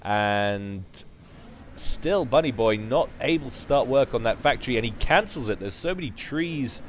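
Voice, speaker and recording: A man's voice: medium pitch, expressive, normal speed, a little hiss or hum. A man giving casual, chatty play-by-play commentary on a strategy game, with joking asides. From United Kingdom.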